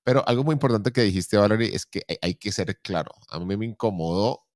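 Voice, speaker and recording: A middle-aged man hosts a chat show with a very low voice and a quick, rolling delivery. He asks questions and stumbles over repeated words while he thinks. The sound is close and dry. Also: animated, a little mellow, no room sound. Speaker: show host. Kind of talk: conversational interview in Spanish.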